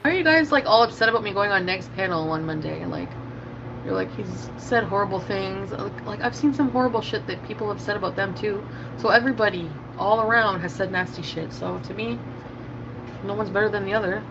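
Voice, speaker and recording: A woman talks casually on a livestream, defending herself in a rambling way full of "like". The audio is dull and lo-fi, with loud vehicle noise running under her voice. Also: medium pitch, brisk. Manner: defensive, rambling, many fillers of "like". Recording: muffled lo-fi stream audio with loud car noise.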